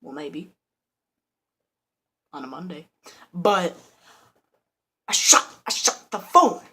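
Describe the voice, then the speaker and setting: A woman's voice: lowish voice, expressive, slow, sharp tone, husky. A woman vlogger telling a rambling, joking made-up story with lots of slang, giggling and mumbled asides.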